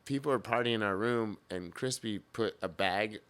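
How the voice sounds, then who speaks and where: A man's voice: on the low side, normal speed, clean tone. A man telling a long road story on a podcast, casual, full of swearing, acting out what people said. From United States. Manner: animated, swears a lot, acts out quotes. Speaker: podcast guest, drummer.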